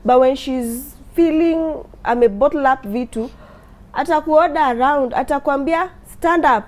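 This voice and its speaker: Kenyan woman, pretty high voice, storytelling mom, code-switches a lot. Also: a little slow, darkish tone. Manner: switches between English and Swahili mid-sentence, acts out voices in quotes. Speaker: guest, mother of an autistic child. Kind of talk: emotional personal storytelling.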